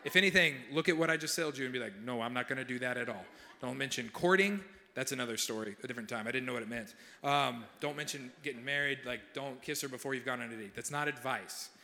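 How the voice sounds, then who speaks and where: A young male pastor giving a sermon, telling a funny personal story with animated, self-mocking humor before he prays. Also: medium pitch, quick pace, few pauses, big-room sound. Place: large church hall.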